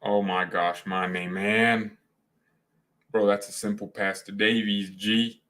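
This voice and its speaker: Brief: male fan host, casual watchalong commentary, lower-pitched but bright and forceful, rambling hot takes. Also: flat delivery, slow pace. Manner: opinionated, rambling, slangy.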